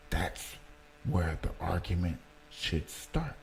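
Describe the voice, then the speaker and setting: A man hosting a livestream, reacting to a clip and talking slowly and emphatically to his chat. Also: lowish voice, big pitch swings, a little mellow, a little hiss or hum. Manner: slow, emphatic, talks to chat, jokes. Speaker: livestream host. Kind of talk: casual commentary on a played clip.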